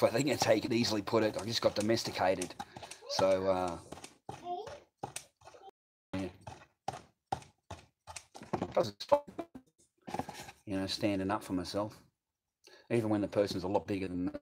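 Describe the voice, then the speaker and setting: A man's voice: on the low side, background noise. A man in his forties chatting casually on a livestream from his garage workshop, telling rambling, profane stories. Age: 40s.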